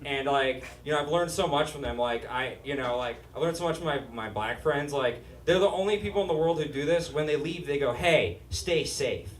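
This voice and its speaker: A young man from Utah doing a stand-up comedy set with a whiny, nasal delivery that rises into shouts. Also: on the high side, fairly quick, few pauses, slight background noise. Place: live comedy stage before an audience. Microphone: stage microphone. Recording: roomy live-venue sound, mic a bit distant. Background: audience laughter.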